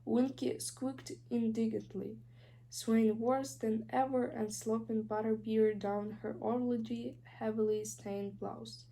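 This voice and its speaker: A woman's voice: fairly high pitch, level tone, slow pace, gravelly, mellow. Young Ukrainian-accented woman reading aloud. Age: young adult. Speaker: student reader. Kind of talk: audiobook reading.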